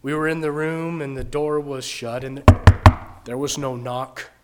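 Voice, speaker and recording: A preacher playing the disciple Thomas as an earnest man giving dramatic first-person testimony in court, swinging from hushed to loud. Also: mid-range voice, steady tone, unhurried, heavy background noise, close to an everyday voice. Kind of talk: dramatic monologue in a sermon.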